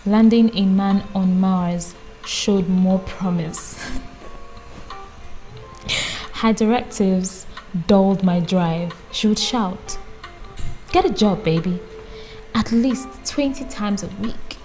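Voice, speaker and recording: A woman's voice: medium pitch, takes it slowly, faint music behind, low-quality recording. Woman reading aloud with chatty asides. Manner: reads calmly, breaks off for amused personal comments. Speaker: audiobook reader.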